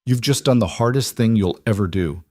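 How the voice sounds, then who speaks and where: A man reading a calm, commanding protector. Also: fairly low pitch, moderate pace, no echo, studio quality, natural voice. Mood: steady.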